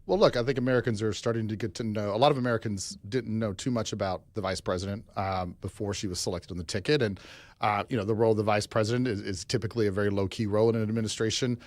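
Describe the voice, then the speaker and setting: A man's voice: fairly low pitch, fairly even intonation, no echo. A middle-aged man from Arkansas, a political strategist guest, giving loose interview answers full of fillers. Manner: fast, loose, filler-heavy talk.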